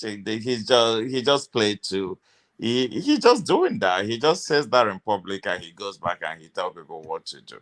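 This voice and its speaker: A man arguing his views animatedly in a casual political discussion. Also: fairly low pitch. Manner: animated, opinionated, interrupts often. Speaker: panelist.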